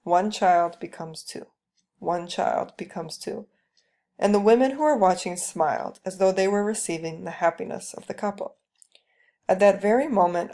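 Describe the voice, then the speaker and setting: A woman reads a first-person story aloud in a calm, steady way. Her voice is mellow and dark, with a gravelly texture. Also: mid-range voice. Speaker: reader. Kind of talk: storybook reading.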